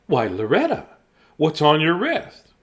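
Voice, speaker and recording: A woman's voice: low-pitched, wildly swooping pitch, a little slow, pitched above the performer's own voice, full character voice. A man voicing a dramatic, fretting storybook mother in a raised voice. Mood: questioning. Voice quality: anxious exclamations.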